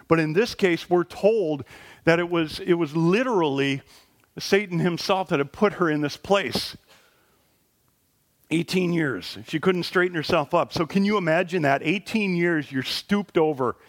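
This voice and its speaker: Man, pastor, sermon in a church; fairly high voice, animated, climbs at high points. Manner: animated preaching, rising pitch and volume at high points. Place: church sanctuary.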